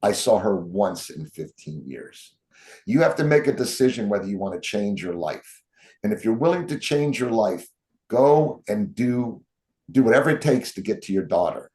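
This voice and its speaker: Speaking at a normal speed in a lowish voice, this man is an interview guest spinning stories. He tells them with animation, performing the quotes of each person involved.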